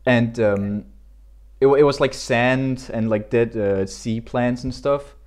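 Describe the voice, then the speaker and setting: A man's voice: medium pitch, slow pace, darkish tone. Laughing, rambling young man on stream. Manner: laughing often, rambling, swearing. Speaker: game co-creator. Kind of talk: casual stream chat.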